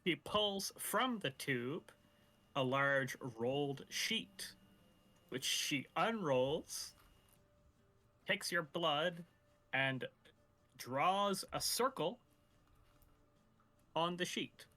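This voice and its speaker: A man narrating as dungeon master in a tabletop game, pausing with fillers as he describes the scene. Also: on the high side, lively intonation, pushed and bright.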